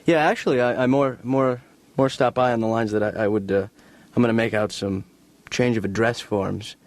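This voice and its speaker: A man's voice: mid-range voice, fairly even intonation, normal speed, no room sound, lightly acted. A man voicing an aimless young adult son who rambles and stammers while asking for a favor. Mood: wheedling.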